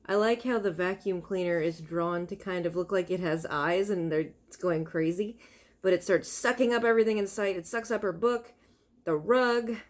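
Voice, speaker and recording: A woman's voice: lowish voice, normal speed. A woman reading a children's novel aloud, stopping for chatty asides that explain the pictures and fonts. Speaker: reader of a children's book.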